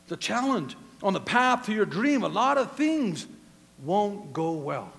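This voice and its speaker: A man preaching a sermon as pastor, animated, dropping to a hush and then rising to shouts. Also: high voice, measured pace, vocal fry. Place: church sanctuary. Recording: long church hall reverb.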